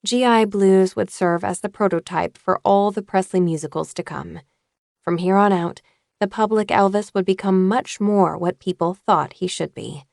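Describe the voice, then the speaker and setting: Woman, audiobook narrator, measured even reading, gravelly fry, dry close sound. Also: mid-range voice, dry recording.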